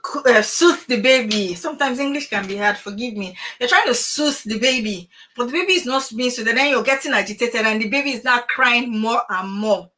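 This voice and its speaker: A middle-aged woman speaks as a motivational coach to a group of parents. Her voice sits a little high with a bright, forward ring. She talks emphatically and fires off rhetorical questions over a video call. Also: a little fast. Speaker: transformational coach.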